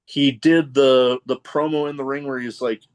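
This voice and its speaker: A man hosting a podcast, telling stories with excitement and often restarting his phrases. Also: medium pitch, normal speed. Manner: excitable storyteller, repeats starts of phrases. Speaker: podcast host. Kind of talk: casual chat.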